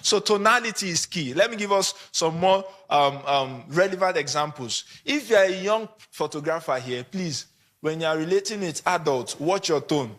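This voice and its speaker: Speaking to photographers at a conference, this man has a Nigerian accent and a slightly high voice. He's lively and acts out brief examples while he talks.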